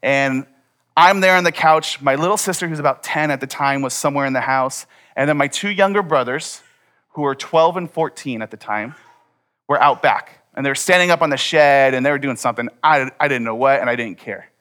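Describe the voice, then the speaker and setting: A man preaching a sermon, telling a personal story and acting out the dialogue with lively energy. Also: medium pitch, a little fast. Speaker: pastor.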